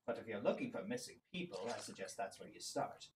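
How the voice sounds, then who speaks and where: A man doing a hushed, secretive barkeep. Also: lively intonation, quick pace, a little hiss or hum, close to an everyday voice. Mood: confiding. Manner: hushed, confiding, lowered voice. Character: secretive male tavern keeper.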